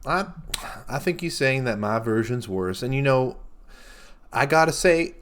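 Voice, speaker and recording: A man's voice: mid-range voice, animated, a little slow, fairly bright tone. A man playing a rambling country-singer son. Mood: earnest. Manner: rambling, full of fillers and trailing off. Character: bumbling young male country-singer son, earnest and defensive. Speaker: guest musician. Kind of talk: comedic talk-show interview character.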